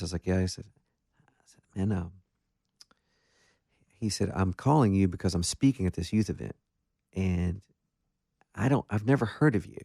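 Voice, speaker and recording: Low-voiced man telling a story. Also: vocal fry, dry recording, studio quality. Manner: animated, self-deprecating anecdotes with many restarts. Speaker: guest musician. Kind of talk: casual interview storytelling.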